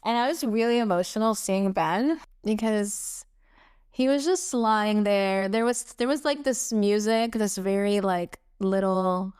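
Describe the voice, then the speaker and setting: Smooth-voiced young woman, rambling podcast host. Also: mid-range voice, a little slow. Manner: rambling storyteller, heavy on fillers, animated quotes. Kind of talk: casual chat.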